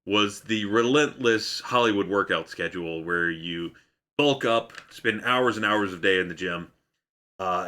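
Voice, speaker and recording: A man's voice: low voice, pushed and bright. A man doing a comic impression of a brawny male movie star with a vaguely Scottish accent, boastful and mock-earnest.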